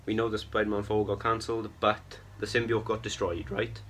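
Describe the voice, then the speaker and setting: A young film vlogger rants in a somewhat low, a bit bright voice that moves little in pitch and runs fairly quick, with a touch of hiss or hum. Plainly exasperated, he circles back on his points and keeps tossing in "right?" and "bro."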